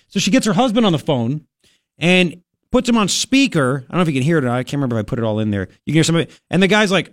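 A man hosting political commentary, sarcastic and mocking as he pauses and remarks on clips. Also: fairly high pitch, sing-song, dry recording, clean studio sound. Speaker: host.

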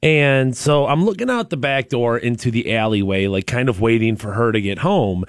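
A man co-hosting a casual podcast, telling a story with animated energy and loudly acting out his own yelling. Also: mid-range voice, normal speed. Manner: animated, acts out his own shouting in stories. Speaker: podcast co-host.

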